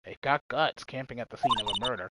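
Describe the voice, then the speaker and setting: A woman voicing a young male lawyer, dry and deadpan, reading game dialogue. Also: extremely low pitch, fast talker, heavy background noise, voice pushed down. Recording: loud game music underneath. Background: loud game music.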